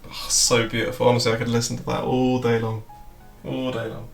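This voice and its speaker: This crypto streamer's voice is mid-range and creaky, fairly quick, with little pitch movement. He chats casually on his trading livestream, rambling, swearing and laughing frequently. The recording has a roomy echo and faint music in the background.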